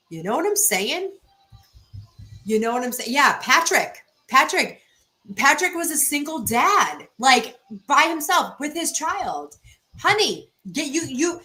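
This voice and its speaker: A bright, forceful woman in her thirties talking straight to her livestream viewers. She speaks bluntly and swears freely. She often restarts a sentence mid-thought before driving her point home. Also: high voice, very animated, unhurried, low-quality recording. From Boston area. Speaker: livestream host. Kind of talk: casual livestream chat reading comments.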